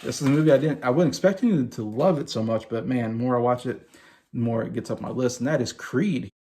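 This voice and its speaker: A man's voice: mid-range voice, fairly quick, dark tone. A man in his forties gushing enthusiastically in a casual movie review vlog.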